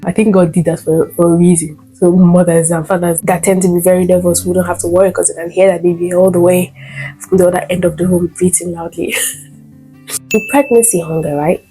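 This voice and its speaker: A young woman vlogging casually about new motherhood, chatty with many fillers and sudden animated bursts. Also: lowish voice, poor audio. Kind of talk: casual storytime vlog. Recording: faint guitar music behind.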